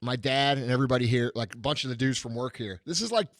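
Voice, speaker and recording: A man's voice: medium pitch, fast, a bit bright, no room sound, studio quality. A man as podcast host, joking and cursing in casual banter, cutting in with teasing questions.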